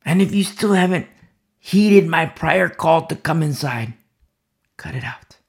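A man preaching a sermon with fervent, dramatic delivery that swings from loud declarations to hushed whispers. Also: fairly high pitch, a little slow, creaky, husky.

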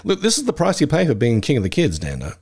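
A man's voice: on the high side, wildly swooping pitch, quick pace, darkish tone, husky. A man co-hosting a podcast, bantering in a wry, joking way. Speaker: podcast co-host. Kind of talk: casual podcast chat.

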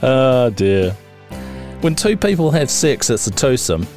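Lively New Zealand man bantering. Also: medium pitch, unhurried, soft background music. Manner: laughing, swearing banter. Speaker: podcast co-host. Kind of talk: casual chat.

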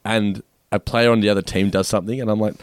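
A man's voice: on the low side, fairly even intonation, quick pace, no echo, clean studio sound. A man, a podcast co-host casually recapping a sitcom, laughing often and stammering into his points.

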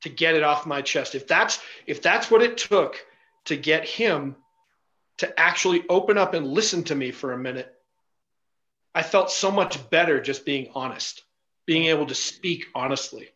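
A man speaking a little higher than most men, telling personal stories as an interview guest. He talks bluntly and swears freely, with lots of "you know" and "like". The recording sounds dull and lo-fi. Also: normal speed, pushed and bright. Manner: blunt and profane, with frequent fillers. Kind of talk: casual storytelling.

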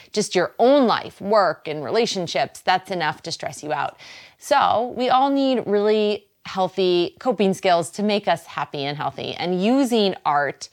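A woman from Boston with a Boston accent, hosting a wellness show in a chatty, encouraging way and laughing easily. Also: lowish voice. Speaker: host. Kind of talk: casual wellness talk to camera.

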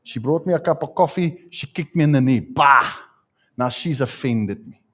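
Speaking a little fast in a fairly high pitch, a male pastor delivers a sermon in church. He spins lively stories and brings people up to take part in a live demonstration.

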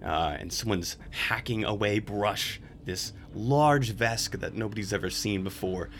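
A man's voice: lowish voice, measured pace, fairly bright tone, slight background noise. A man narrating a tabletop game as game master, casual and laughing at times.

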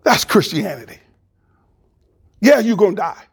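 A male pastor preaching a sermon with animated preaching that drops to a hush. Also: sits high, a little slow, gravelly, slightly rough.

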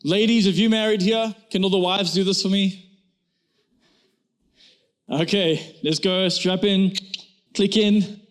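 A man with a notably high speaking voice preaches to his church, pressing the point and calling the room to act. He talks straight at the congregation in an urgent sermon. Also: fairly even intonation, slow, pauses often. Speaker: pastor.

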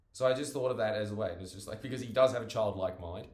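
A man's voice: mid-range voice, fast talker, reverberant. A young man talking in a casual monologue, rambling, swearing freely and cutting himself off mid-thought. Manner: rambling, profane, self-interrupting.

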